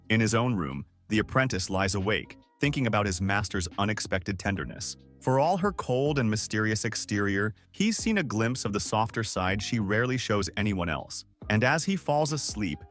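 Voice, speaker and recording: A man with a lowish voice tells a story in a scripted recap, his pitch rising and falling in a lively way. Soft music plays faintly behind him. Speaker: narrator. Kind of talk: scripted narration of a manga recap.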